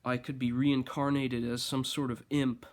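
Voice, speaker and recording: A man speaks at an ordinary middle pitch in a loose, rambling monologue. He talks with dry sarcasm and mock-grand formality, often stopping and restarting his sentences. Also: level tone, moderate pace.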